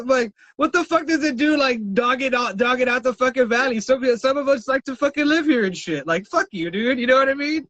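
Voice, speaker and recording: Podcast host from South Texas, male, high and bright, profane and ranting, dry close mic. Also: animated, brisk, hardly any pauses, no room sound. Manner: profane, ranting, laughs often. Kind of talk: casual podcast chat.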